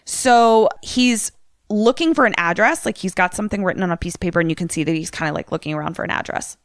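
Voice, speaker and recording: A woman co-hosting a comedy podcast, recapping a horror film in a chatty, animated storytelling way. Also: mid-range voice, fast, no echo, clean studio sound. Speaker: podcast co-host.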